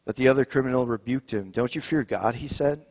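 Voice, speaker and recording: A man leading a communion service as pastor, reading Scripture and praying in a measured, solemn way. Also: medium pitch, darkish tone. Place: church sanctuary. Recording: long reverb in a church.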